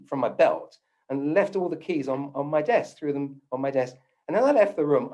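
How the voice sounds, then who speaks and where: A man recounts events to an audience, his pitch rising and falling in a lively way and sitting a little high for a man. He acts out the voices of people he quotes. He often pauses on "um" and restarts his sentences. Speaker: doctor giving a talk. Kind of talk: personal storytelling talk.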